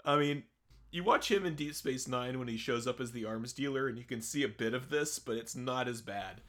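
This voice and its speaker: A man's voice: mid-range voice, normal speed, fairly bright tone. A man co-hosting a podcast, chatting casually about a movie and laughing often. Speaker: podcast co-host. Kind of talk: casual movie review chat.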